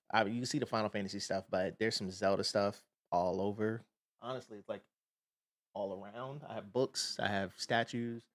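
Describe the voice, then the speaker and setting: A man streaming a game, chatting casually with viewers and reading their comments aloud in a relaxed way, with lots of hedging. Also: fairly low pitch. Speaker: gaming streamer. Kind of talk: casual livestream chat.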